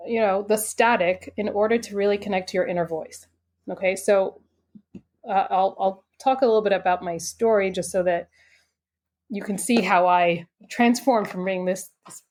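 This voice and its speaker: Woman guest, mid-pitched, animated storyteller, chatty filler-heavy podcast talk. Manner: animated, chatty, full of "like" and "you know". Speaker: podcast guest, intuitive coach. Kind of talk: personal storytelling in a podcast interview.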